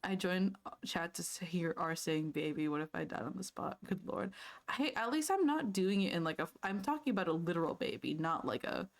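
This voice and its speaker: A woman's voice: lowish voice, animated, a little fast. Playful woman streamer chatting with viewers. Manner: playful, chatty, easily sidetracked, often laughing. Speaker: livestreamer. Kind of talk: casual chat with live viewers.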